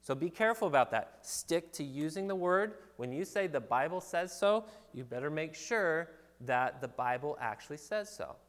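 A man's voice: fairly high pitch, lively intonation, moderate pace, hardly any pauses, fairly bright tone. Man preaching in a reverberant hall. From California, USA. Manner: earnest, conversational preaching with jokes and restarts. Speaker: pastor. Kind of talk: sermon. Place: church sanctuary.

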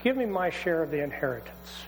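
A man's voice: on the high side, sing-song, a little fast, soft background music. A man preacher voicing a repentant younger son who pleads earnestly and humbly. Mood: humble. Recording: hall reverb, faint mains hum.

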